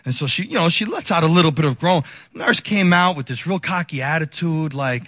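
A man in his forties, a pastor telling a personal story in a sermon, animated and laughing often as he acts out the people in it. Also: a little high, a little fast, no echo, studio quality.

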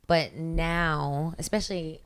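A woman's voice: low voice, steady tone, slow, slight background noise. A woman from Australia, a fitness trainer chatting candidly as a podcast guest. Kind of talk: casual chat.

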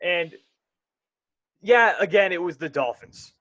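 A young man co-hosting a casual sports podcast, rambling and animated, often interrupting himself. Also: sits high, slow, no room sound.

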